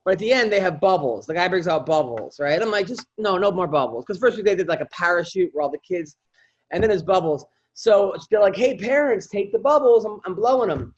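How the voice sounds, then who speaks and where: A man's voice: high-pitched, expressive, brisk. A middle-aged man co-hosting a comedy podcast, telling rambling everyday stories in a casual chat. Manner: rambling anecdotal storyteller. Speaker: podcast co-host. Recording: slightly dull lo-fi audio.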